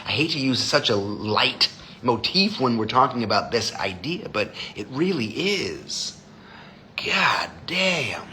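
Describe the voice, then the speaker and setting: Man, casual live-stream host, profane and blunt, bright forceful tone, lively pitch. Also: a little slow, slight background noise. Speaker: designer hosting a live stream.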